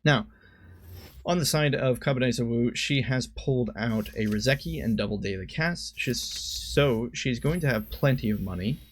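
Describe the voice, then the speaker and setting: A man's voice: medium pitch, normal speed, slight background noise. A man giving casual commentary on a card game, thinking aloud and often stopping to correct himself. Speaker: streamer and commentator.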